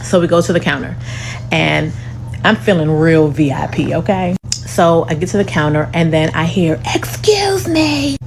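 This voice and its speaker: A woman telling a dramatic airport story to her viewers in a sassy, lively way. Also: low-pitched, moderate pace, gravelly, poor audio. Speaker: storytelling vlogger. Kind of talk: animated storytime. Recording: humming background noise.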